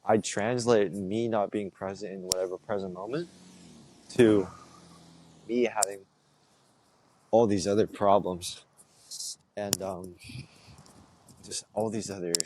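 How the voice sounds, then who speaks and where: Low-voiced laid-back young man. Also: background noise. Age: young adult. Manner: slangy and laid-back, heavy on filler words. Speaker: podcast host. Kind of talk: casual rambling monologue.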